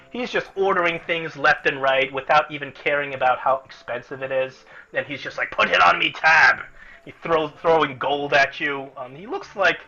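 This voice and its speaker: A man narrating as game master in an easygoing, rambling way, with a husky voice. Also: fairly high pitch, pushed and bright, dull audio. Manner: easygoing, restarts a lot.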